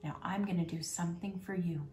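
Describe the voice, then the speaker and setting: Woman doing a bossy robber girl from a storybook, lower voice, echoey room, faint music. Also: steady tone, fairly quick, mellow, natural voice. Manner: blunt, bossy. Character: fierce, bossy young robber girl with a knife. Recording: roomy, distant, faint music.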